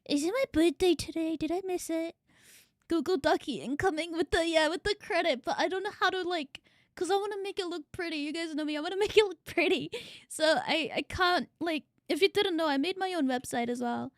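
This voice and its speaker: A woman's voice: very high-pitched, fairly quick, no echo, clean studio sound. A young woman streaming live, chatting casually with her viewers, effusive and grateful, swearing freely. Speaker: VTuber streamer.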